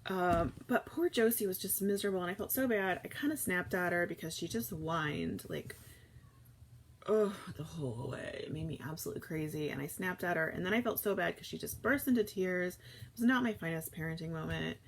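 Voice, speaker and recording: A woman's voice: lowish voice, expressive, a little fast, slight background noise. A woman in her thirties, chatting casually and rambling through a live morning stream, with lots of fillers and restarts. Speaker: food vlogger hosting a live morning chat.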